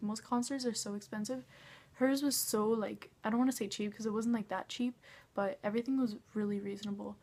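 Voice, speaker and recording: A young woman chats through a storytime vlog, gushing about a concert and acting out every exchange. Her voice sits fairly high. She keeps it in a narrow, level band, with "like" dropped into nearly every sentence. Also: a little mellow. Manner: gushing, says "like" a lot, acts out quotes. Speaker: fan telling a concert story.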